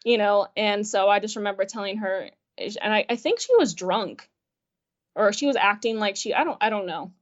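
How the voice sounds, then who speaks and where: Woman guest, storytelling, filler-heavy, acts out quoted dialogue, mid pitch, muffled lo-fi audio. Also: moderate pace. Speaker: interview guest. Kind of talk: personal storytelling in casual conversation.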